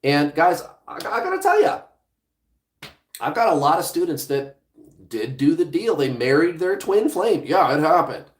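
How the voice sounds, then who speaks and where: A man's voice: on the high side, moderate pace, roomy sound. A man hosting a livestream as a relationship coach, speaking bluntly and casually, with some swearing, straight to his viewers.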